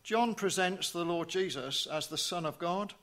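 A man preaching a sermon in a measured way, asking rhetorical questions and dropping to a hush on key phrases. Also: sits high.

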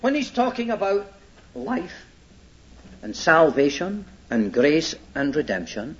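A man's voice: a little high, sing-song, slow. A man teaching a Bible sermon, emphatic, repeating his points and checking that listeners follow. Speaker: preacher. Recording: dull lo-fi old sermon tape.

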